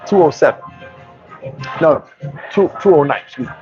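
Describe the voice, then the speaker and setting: A man telling a story in a casual, animated, slangy way and often restarting his sentences. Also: on the high side, moderate pace, dull audio, over music. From New York. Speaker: vlogger.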